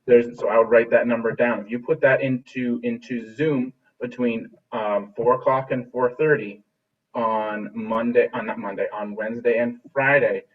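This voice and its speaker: Husky-voiced male music teacher on a call. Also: medium pitch, steady tone, normal speed. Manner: encouraging, repeats and restarts phrases. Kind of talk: remote class teaching. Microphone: laptop video call. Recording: distant dull video call audio.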